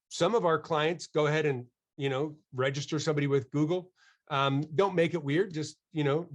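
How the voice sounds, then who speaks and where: A man presenting a webinar on marketing to a live audience, energetic and enthusiastic, joking with the crowd and asking people to raise their hands. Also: on the high side.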